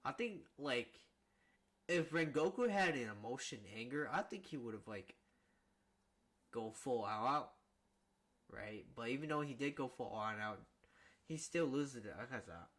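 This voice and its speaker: A man's voice: medium pitch, lively intonation, measured pace, pauses often, a bit bright. Chatty man reacting while reading manga. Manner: chatty, reacting aloud with frequent fillers. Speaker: streamer.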